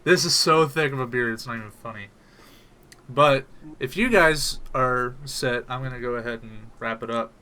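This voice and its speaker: Bright-voiced laughing male stream host. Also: mid-range voice, normal speed. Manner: laughing, rambling, says "like" and "dude" often. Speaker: podcast host. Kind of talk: casual stream chat.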